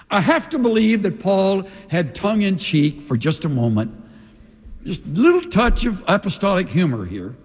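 A male pastor preaching a sermon in an animated way, often acting out the voices of the people he quotes. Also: high-pitched. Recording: long reverb of a large hall.

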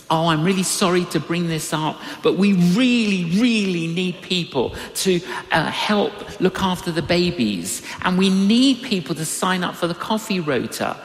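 A man preaching a sermon, telling personal stories with animated swings in his voice. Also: roomy sound, big-room sound. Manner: animated storytelling with big pitch swings.

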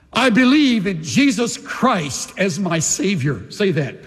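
Pastor, male, high and very animated voice, unhurried emphatic sermon delivery, big church reverb. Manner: emphatic preaching with slow dramatic pauses. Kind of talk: sermon with altar call. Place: large church sanctuary. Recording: long reverb in a large hall.

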